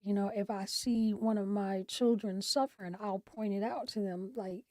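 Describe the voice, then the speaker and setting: A woman's voice: mid-range voice, steady tone, moderate pace, few pauses, dry recording. A middle-aged woman hosting a mental health talk, candidly telling a personal story in a reflective way. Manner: candid, reflective, with soft trailing asides. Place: home.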